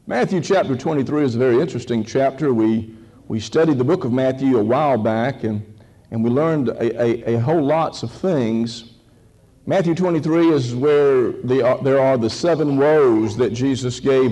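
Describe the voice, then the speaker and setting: A man's voice: medium pitch, expressive, normal speed, warm tone, poor audio. A pastor preaching an earnest, conversational sermon with prayer and scripture reading, often repeating words as he thinks.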